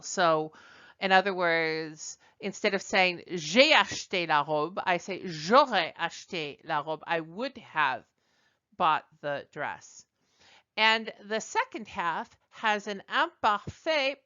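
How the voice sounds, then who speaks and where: Bright-voiced woman teaching French. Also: on the low side, smooth, muffled recording. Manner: chatty, self-correcting, switches into read-out French. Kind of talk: slide lecture.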